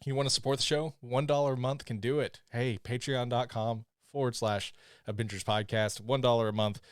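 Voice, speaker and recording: A man hosting a casual fan podcast and reading off the show's plugs. His voice sits at a middle pitch, close on a dry microphone. He jokes and swears easily between the announcements. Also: brisk, clear, resonant tone, dry recording. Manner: joking, swearing, lively plugs. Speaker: podcast host.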